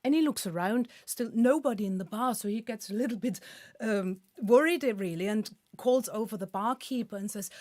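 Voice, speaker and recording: A woman's voice: on the high side, darkish tone, no echo, studio quality. A woman co-hosting a live music chat stream, telling jokes casually and laughing easily. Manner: laughs easily, rushes through joke lines. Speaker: co-host, singer-songwriter.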